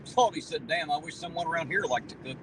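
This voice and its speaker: A man's voice: a little high, animated, fast, fairly bright tone, a little hiss or hum, rough recording. A man hosting a live stream from inside a car, talking in a blunt, profane, folksy way. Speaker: livestream host. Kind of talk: casual chat on a live stream.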